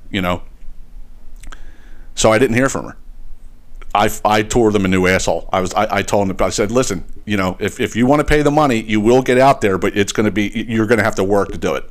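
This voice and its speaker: A man hosting a podcast, telling a long casual rant about a business letting him down, animated and profane, restarting phrases often. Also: fairly low pitch. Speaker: podcast host.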